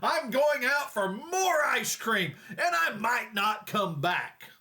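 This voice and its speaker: A man's voice: high voice, a little slow. A man voicing a defensive husband snapping back at his wife in a sermon illustration. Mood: huffy. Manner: snapping, blaming, raised voice.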